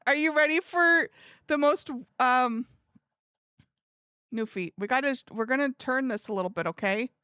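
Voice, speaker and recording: Giggly high-voiced woman streamer. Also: moderate pace, pauses often, sharp tone, clear, resonant tone, no echo, clean studio sound. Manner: giggly, chatty, talks to herself while working. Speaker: livestream streamer. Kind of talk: casual live-stream chat to viewers.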